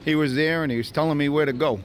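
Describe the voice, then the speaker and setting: This travel vlogger talks fast in a voice on the high side with fairly even intonation. He chats casually and thinks aloud while walking a city tour outdoors, with street noise around him.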